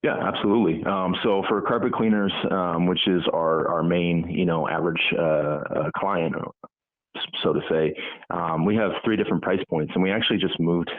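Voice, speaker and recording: A man's voice: low voice, steady tone, normal speed, no room sound. A man, a podcast guest who owns an agency, talking in a casual interview with many fillers and restarts. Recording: tinny phone-like line, dry.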